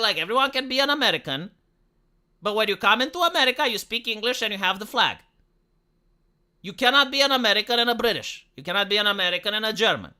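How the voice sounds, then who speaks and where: A man's voice: high voice, sharp tone, clear, resonant tone. A young man from Romania giving profane, opinionated commentary on a live stream, full of rhetorical questions.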